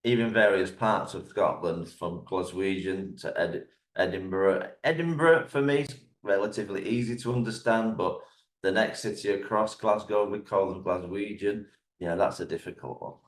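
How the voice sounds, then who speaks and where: A man who teaches English exams, guesting on a podcast and explaining things in a measured, step-by-step way. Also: low voice, roomy sound. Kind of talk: interview answers, explanatory.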